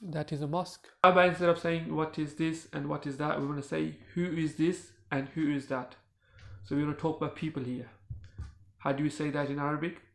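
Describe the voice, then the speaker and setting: A man teaching a beginner language lesson, speaking slowly and repeating each phrase for learners. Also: a little high, fairly even intonation, creaky, fairly bright tone. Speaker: Arabic teacher.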